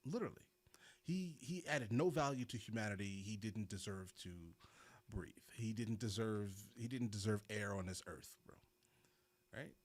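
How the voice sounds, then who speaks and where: A young man streaming casual reaction commentary, excitable and rambling, saying "bro" a lot. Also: fairly low pitch, moderate pace.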